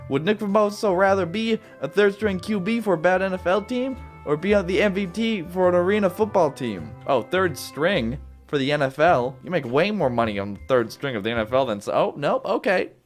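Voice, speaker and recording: A man's voice: high voice, lively intonation, brisk, hardly any pauses. A man giving casual, jokey commentary while playing a game at home in his apartment, with sudden playful jumps in his voice. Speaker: gaming video host. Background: neighbor's music.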